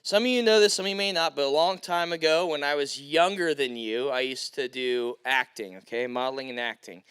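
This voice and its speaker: Animated man preaching to youth. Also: a little fast, clear, resonant tone. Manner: animated, acts out quoted voices with big pitch jumps. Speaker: youth pastor. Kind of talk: youth sermon with storytelling.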